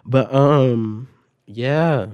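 A young man telling a profane storytime on his vlog, animated and jumping his pitch and volume up when he quotes people. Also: drawn-out words, clean tone, lo-fi sound. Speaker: vlogger.

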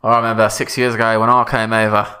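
A man's voice: fairly low pitch, level tone, fast talker, bright, forceful tone, clean tone. A man voicing a posh exiled aristocrat fraudster with a put-on Australian accent, improvising. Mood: sly. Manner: improvised, rambling, cheeky.

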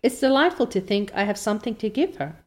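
A woman reading aloud as an excitable, chatty orphan girl who gushes with wide-eyed delight. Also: mid-range voice, fast, natural voice. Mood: eager. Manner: breathless, gushing, wide-eyed.

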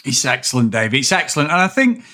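A man's voice: mid-range voice, quick pace. A man co-hosting a casual film podcast, swearing and eagerly acting out his favourite scenes. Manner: animated, swearing, acts out scenes. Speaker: podcast co-host.

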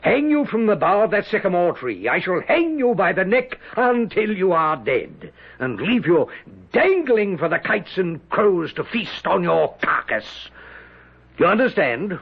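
A stern British general. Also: male voice, high-pitched, big pitch swings, a little slow, gravelly, husky, exaggerated voice. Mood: threatening. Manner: commanding, declamatory. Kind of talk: 1970s radio drama acting. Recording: dull old radio broadcast with faint hiss.

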